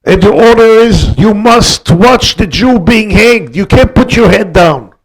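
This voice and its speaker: Older male rabbi, gravelly and husky, higher-pitched than most men, dramatic storyteller. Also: animated, measured pace. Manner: emphatic, swings between hushed and loud peaks. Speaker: guest rabbi.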